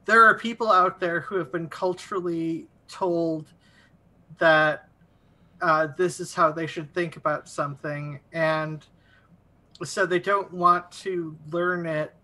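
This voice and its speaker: A man's voice: a little high, fairly even intonation, takes it slowly, bright, forceful tone, poor audio. A man guest in casual chat, talking in a thoughtful, hesitant way.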